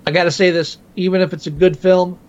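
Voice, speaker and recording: A man's voice: high-pitched, level tone, quick pace, darkish tone. A man co-hosting a podcast who rants sarcastically about movies and swears now and then. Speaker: podcast co-host. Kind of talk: casual movie chat. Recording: dull, muffled mic.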